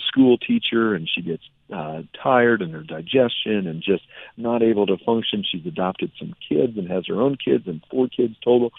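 A man, a functional medicine doctor, telling lively patient stories with lots of fillers as a radio show guest. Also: mid-range voice, vocal fry, dry recording. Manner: animated storytelling with fillers. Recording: tinny phone-like radio audio.

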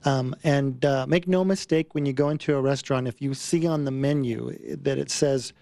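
A man's voice: medium pitch, fairly even intonation, normal speed, mellow, no room sound. A man as a guest on a radio talk show, explaining his meat products in a conversational way. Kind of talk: radio interview.

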